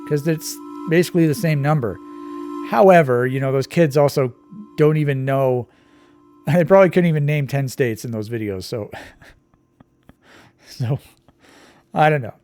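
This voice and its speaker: A man's voice: medium pitch, a little slow, pauses often, a little mellow, soft background music. A man giving casual, digressive commentary while playing a map quiz, thinking aloud as he goes. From Canada. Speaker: quiz channel host.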